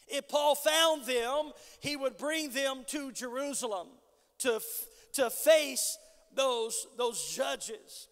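A man preaching a sermon as pastor, telling a Bible story and then rising to loud exhortation. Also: very high voice. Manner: builds from measured storytelling to shouted exhortation. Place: church sanctuary. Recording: long church hall reverb.

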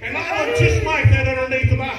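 Shouting heel manager, high voice. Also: male voice, expressive, quick pace. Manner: shouting insults at the crowd. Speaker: wrestling manager. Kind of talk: heel wrestling promo. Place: wrestling arena with crowd. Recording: echoey arena with loud crowd and music.

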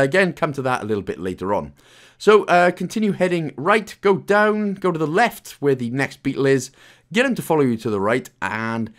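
A young Welsh man with a Welsh accent giving a chatty, jokey gameplay walkthrough with loose asides and fillers. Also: mid-range voice. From Wales. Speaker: game guide presenter. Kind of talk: casual gameplay walkthrough commentary.

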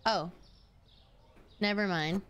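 A woman streaming a game live, chatting excitably with her viewers, yelping and swearing at the game as she plays. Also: mid-range voice, slow, slight background noise. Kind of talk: live gaming stream chat.

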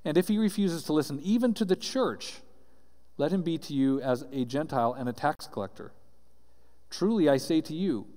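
A male pastor delivers an earnest sermon, reading passages aloud and then unpacking them for his listeners. His voice sits a little high for a man. The sound carries the long echo of a church hall. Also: darkish tone. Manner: earnest, reads scripture aloud then explains it with frequent "right?". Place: church sanctuary. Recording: roomy church hall reverb.

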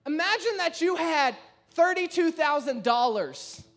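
A male pastor delivering a sermon in a notably high voice. He tells the story in an animated way, acting out the quoted speakers with sudden shifts in loudness and pitch. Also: unhurried.

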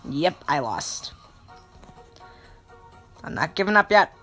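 A woman's voice: sits low, big pitch swings, slow pace, a bit bright, soft background music. A woman narrating her strategy game play in a melodramatic, self-mocking way. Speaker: gamer. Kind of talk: let's play game commentary.

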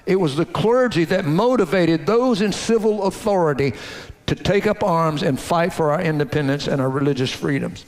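A man preaching a sermon to his congregation in a folksy, animated way, calling out to the crowd. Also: a little high, normal speed, big-room sound. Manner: folksy, animated preaching with audience call-outs. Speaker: pastor. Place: church sanctuary.

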